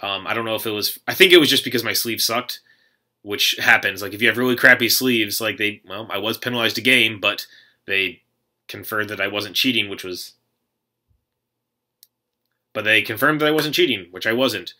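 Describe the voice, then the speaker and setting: A young man casually telling a rambling story to camera, animated, with lots of fillers and restarts. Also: lowish voice, normal speed. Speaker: card game player recounting a tournament.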